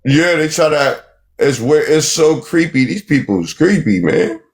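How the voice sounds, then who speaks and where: A man's voice: on the high side, lively intonation, moderate pace. A man hosting a live stream, talking down to callers in a combative, lecturing way and repeating his points. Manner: dismissive, lecturing, repeats himself. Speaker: livestream host.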